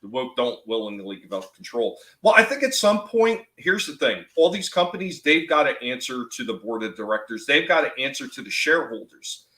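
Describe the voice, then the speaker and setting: A man's voice: mid-range voice, big pitch swings, a little fast, few pauses, sharp tone, roomy sound, rough recording. A man hosting a live stream, ranting with strong opinions and reading out chat comments. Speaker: stream host.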